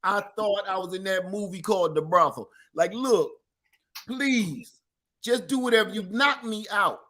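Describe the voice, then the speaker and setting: A middle-aged man with an East Texas accent, co-hosting a livestream and telling stories in animated, folksy casual chat. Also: high voice, unhurried. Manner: animated storyteller, folksy Southern talk. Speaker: livestream co-host.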